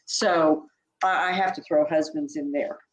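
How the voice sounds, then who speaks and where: A woman's voice: deep voice, steady tone, unhurried. Older woman reminiscing in an echoey room. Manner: heartfelt, meandering, with many restarts. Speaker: senior sales director. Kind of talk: reminiscing conversation.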